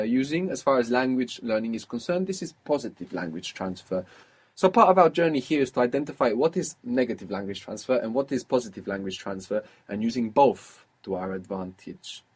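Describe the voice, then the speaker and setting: A man's voice: lowish voice, lively intonation, fairly quick, darkish tone, husky. A man teaching a language lesson, explaining patiently with frequent fillers.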